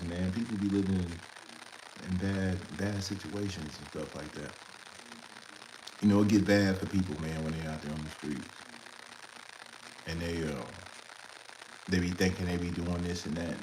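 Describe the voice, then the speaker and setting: A man with a fairly low voice spins a loose, laughing street story, full of slang and asides. He sounds like he's in an echoey room, with a faint hum of ambience behind him. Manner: animated, laughing retelling with heavy slang. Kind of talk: casual storytelling.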